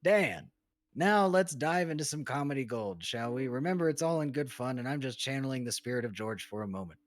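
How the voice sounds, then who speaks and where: A man's voice: medium pitch, lively intonation, a little fast, no room sound, natural voice. A man voicing a male AI chatbot that does edgy stand-up comedy, with punchy joke setups. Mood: joking. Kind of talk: reading chatbot replies aloud.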